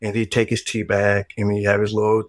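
A middle-aged man, a guest author, telling a personal story in casual conversation, animated and emphatic, swearing freely. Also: fairly low pitch, fairly quick, no echo, clean studio sound.

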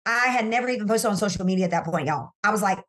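A woman sales coach, a guest in an interview, telling her story in an emphatic, animated way and talking straight to listeners, from her office. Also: mid-range voice, rapid-fire. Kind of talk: candid faith-based interview storytelling.

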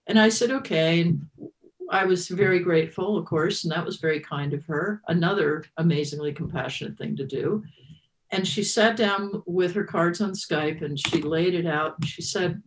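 A woman's voice: on the low side, normal speed, slight background noise. A woman in her fifties telling a personal story as an interview guest, reflective and emotional, with many restarts.

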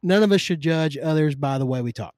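A man with a Southern US accent from Kentucky, a podcast guest telling stories in a folksy, animated way. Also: fairly high pitch, a little fast, no echo, studio quality. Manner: folksy, animated storytelling with down-home sayings. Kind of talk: casual conversation.

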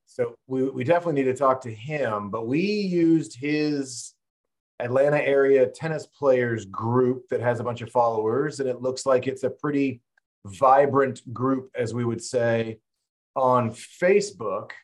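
A man co-hosts a casual podcast, talking in a loose, rambling way. His voice sits at an ordinary middle pitch for a man. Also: a little slow. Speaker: podcast co-host. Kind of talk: casual chat.

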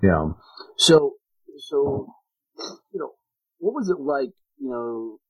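A man hosting an interview, asking relaxed questions full of fillers. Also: medium pitch, slow, breathy edge, lo-fi sound. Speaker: host. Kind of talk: casual interview chat.

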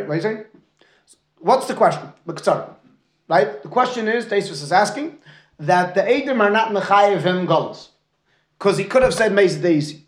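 A man's voice: high voice, echoey room. A man teaching a Talmud class, mixing Aramaic and Hebrew terms into his English and often checking in with his students by asking "right?". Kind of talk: lecture with student questions.

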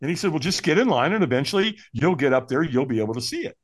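A man's voice: a little high, quick pace. A man telling a personal story as a podcast guest, acting out the people he quotes. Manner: animated, acts out quoted voices. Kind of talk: storytelling in casual conversation.

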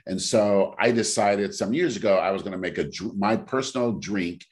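A man co-hosting a casual podcast, telling stories in an animated way and breaking into loud laughter. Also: lowish voice, moderate pace. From Sacramento area. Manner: animated storyteller, bursts into shouting laughter. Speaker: podcast co-host. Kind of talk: casual storytelling chat.

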